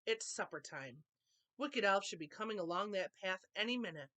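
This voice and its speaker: A woman voicing a clever, bold young female unicorn in a storybook read-aloud, speaking calmly and firmly. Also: mid-range voice, normal speed, close to an everyday voice. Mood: planning. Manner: calm, confident, firm.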